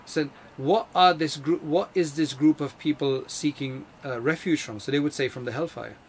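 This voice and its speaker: A man giving a religious lesson in an earnest, emphatic way, repeating key phrases and reciting Arabic verses quickly. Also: on the high side, slight background noise. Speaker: Islamic teacher.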